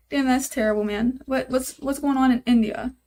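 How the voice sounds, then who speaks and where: A woman's voice: high-pitched, steady tone, a little slow, a little mellow. A young woman live-streaming while she codes, thinking aloud, repeating herself, and talking to her chat in casual, easily exasperated chatter.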